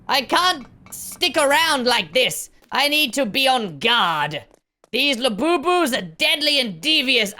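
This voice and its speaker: Excitable woman gaming host, bright and high, yelps and exclaims over play, faint game music underneath. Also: slow pace, long pauses. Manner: excitable, exclamatory, often shouting. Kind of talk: excited gameplay commentary.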